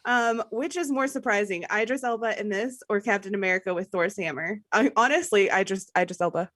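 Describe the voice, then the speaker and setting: A woman's voice: medium pitch, brisk, fairly bright tone, no room sound, studio quality. A woman co-hosting a podcast, reviewing a movie in casual chat with a wry, joking manner. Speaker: podcast co-host.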